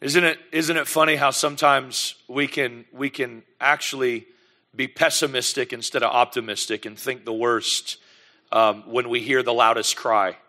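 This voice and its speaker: A middle-aged man, a pastor telling lively family stories in a sermon and acting out the scenes. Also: mid-range voice, normal speed. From United States. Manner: animated, lively storyteller who acts out scenes. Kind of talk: sermon storytelling.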